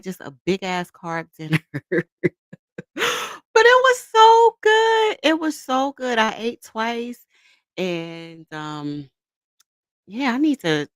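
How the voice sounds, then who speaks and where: A woman in her thirties chats casually on a livestream, greeting viewers and laughing easily. Her pitch leaps around a lot, and her tone is bright and forceful. She is close on a dry mic. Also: clear, resonant tone, no room sound. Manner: animated, greets chat by name, laughs often. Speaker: livestream host.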